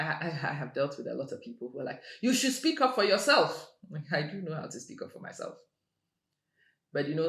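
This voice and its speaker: A woman giving a motivational monologue in a measured, emphatic way, repeating her key phrases. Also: very deep voice. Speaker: motivational speaker. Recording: roomy echo with faint music.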